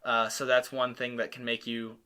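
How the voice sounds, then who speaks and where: A man hosting a relaxed chat and explaining things with plenty of ums. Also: medium pitch, normal speed, clean tone. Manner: explains with many ums, chatty. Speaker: host. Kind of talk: casual chat.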